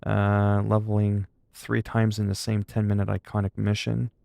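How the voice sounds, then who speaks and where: A man's voice: fairly low pitch, completely flat delivery, normal speed, creaky, a little mellow, no echo. A man chatting casually on a game livestream, rambling and swearing freely. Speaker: game streamer.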